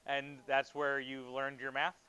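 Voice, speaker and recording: A man teaching a high school math class, quizzing students and joking with them in a classroom. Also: monotone, unhurried, sharp tone. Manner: instructive, asks students questions.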